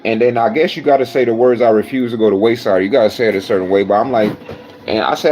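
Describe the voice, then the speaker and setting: A man's voice: fairly low pitch, fast, a little mellow, a little hiss or hum. A man casually recounting a jail story, blunt and swearing constantly, with faint music behind.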